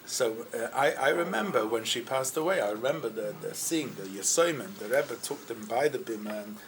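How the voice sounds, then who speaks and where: A rabbi telling a story to a group at a gathering, with loud chanted quotes. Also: male voice, mid-range voice, brisk, a little hiss or hum. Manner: lively, bursts into loud chanting when quoting. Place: gathering room with a crowd around the table.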